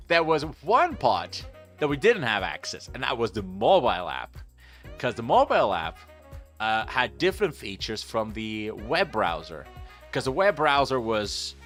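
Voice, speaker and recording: A man on a casual chat stream with a bright, forceful voice, telling a meandering story full of restarts and quick asides to viewers. Soft music plays faintly underneath. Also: mid-range voice. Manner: rambling, self-correcting, apologetic asides to chat. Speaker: VTuber streamer.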